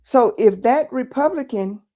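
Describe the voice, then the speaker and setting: A woman's voice: on the high side, lively intonation, measured pace, mellow. A Texan woman giving casual political commentary, emphatic and repeating words for stress. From Texas.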